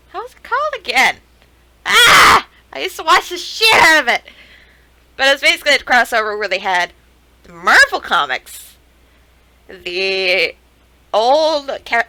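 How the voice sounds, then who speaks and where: A young woman streamer giving casual, excitable reaction commentary, swearing and laughing as she talks to the screen. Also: mid-range voice, poor audio.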